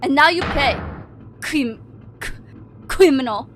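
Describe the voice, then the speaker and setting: A gruff male officer bullying a suspect, as a woman puts him on. He speaks in a clipped, threatening mock accent, pitched high. Game music plays behind. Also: animated, slow. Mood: menacing. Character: gruff, accusing male foreign ship officer.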